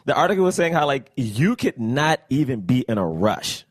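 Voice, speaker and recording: A man's voice: medium pitch, big pitch swings. A man co-hosting a podcast, rambling through his points in casual chat. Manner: fast, rambling, full of fillers and restarts. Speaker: podcast co-host.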